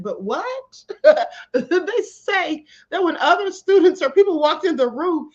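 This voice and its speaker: A woman's voice: high-pitched, fairly bright tone. A woman hosting a live stream, reading news stories aloud in a chatty way and calling her viewers honey. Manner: chatty, calls viewers honey, bursts into laughter. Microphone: home live stream setup. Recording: slightly dull lo-fi stream audio.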